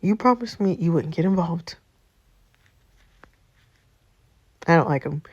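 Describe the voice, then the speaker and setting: Woman reading a possessive young wife, blunt, low voice, dull lo-fi sound. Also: animated, a little fast, slightly rough, no echo. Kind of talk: reading a story game's narration and dialogue.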